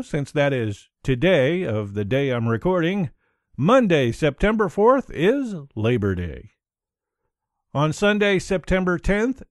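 A man's voice: fairly high pitch, no echo, studio quality. A man hosting a solo podcast, upbeat and chuckling between points. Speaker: podcast host.

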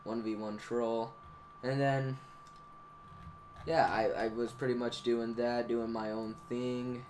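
A teenage boy talking through his channel's history in a rambling, profane, excitable way, as a gaming YouTuber looking back. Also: mid-range voice, slow pace, pauses often, slight background noise. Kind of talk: casual anniversary vlog monologue.

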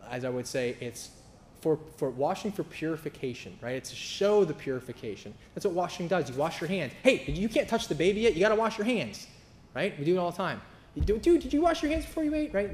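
A man's voice: on the high side, a little mellow, echoey room, slight background noise. Sarcastic casual preacher, man. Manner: casual, sarcastic and flippant in delivery; acts out quoted voices in storytelling. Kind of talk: sermon. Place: church.

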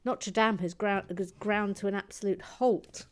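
This livestream host talks a little slowly in a steady, mid-range voice as she builds and reads out messages from viewers. Her casual chatter is self-deprecating and full of restarts, and she often lowers to soft, whispered asides.

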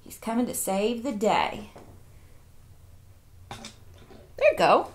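A woman's voice: medium pitch, expressive, moderate pace. A woman, chatting casually while unboxing toys and cooing over each one. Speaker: toy collector vlogger.

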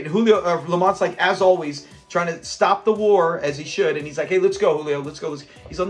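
A chatty man from Southern California recaps a sitcom episode in a high voice, laughing often as he acts out the lines. Faint music plays underneath. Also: a little fast, hardly any pauses. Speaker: host of a sitcom review channel. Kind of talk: casual episode recap and reaction.

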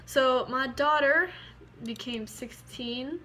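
A woman's voice: on the high side, unhurried, sharp tone. A woman giving casual gameplay commentary, chatty, swearing freely and reading game text aloud. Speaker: gaming video creator.

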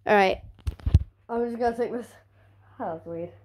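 A woman's voice: on the high side, normal speed, a little hiss or hum. A woman unboxing a new phone for her vlog, talking casually with sarcastic, grumbling asides. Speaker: vlogger.

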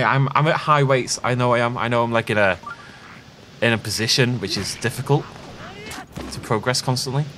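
A man's voice: mid-range voice, a bit bright, slight background noise. A man chatting casually while playing a game, rambling and self-deprecating. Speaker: let's play host. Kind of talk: casual gameplay commentary.

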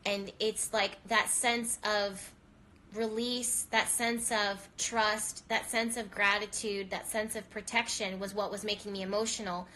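A woman's voice: medium pitch, little pitch movement, a little slow, bright, forceful tone. A woman hosting a live stream, talking tearfully and earnestly, rambling with many restarts as she cries. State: teary, voice shaking from crying. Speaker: spiritual reader and live-stream host. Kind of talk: emotional live-stream monologue.

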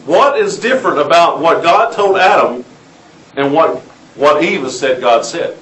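A man's voice: fairly high pitch, animated, measured pace, a bit bright, slight background noise. A man with a Southern US accent preaching a sermon, reading scripture aloud and asking the congregation questions. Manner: asks the room questions and reads scripture aloud. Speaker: pastor. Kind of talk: interactive sermon. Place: church sanctuary. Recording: echoey church room.

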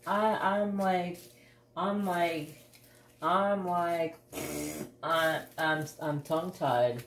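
A woman hosting a crafts channel, chatting casually and gushing with excited exclamations as she unboxes a kit. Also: on the low side, very slow, pauses often, a little hiss or hum. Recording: roomy echo, faint ambience.

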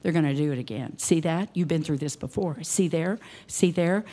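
Woman putting on a low taunting devil. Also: normal speed, warm tone. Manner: taunting, repeating short jabs. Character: sly accusing male devil, needling and persistent.

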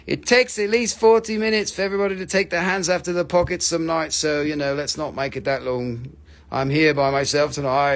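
Joking man with a gravelly voice. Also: on the high side, a little fast. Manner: joking, teasing, swears casually. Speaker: host of a live mineral sale. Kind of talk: casual live-stream sales patter.

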